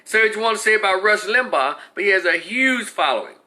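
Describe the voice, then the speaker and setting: Bright-voiced man ranting on a live stream. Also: high voice, fast talker. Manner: animated, ranting, frequent restarts. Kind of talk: casual commentary to live chat.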